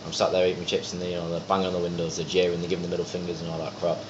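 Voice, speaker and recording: A young man, telling rapid, animated anecdotes in casual chat as a band member and podcast guest, full of swearing and acted-out quotes. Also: sits low, noisy background. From North East England. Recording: echoey, slightly dull podcast room recording.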